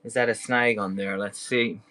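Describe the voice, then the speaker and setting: A man's voice: on the low side, steady tone, moderate pace, bright, forceful tone, low-quality recording. An Irish man hosting a live clothing sale, talking in a chatty, enthusiastic and rambling way. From Ireland. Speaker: live-stream clothing seller. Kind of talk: casual live sales patter.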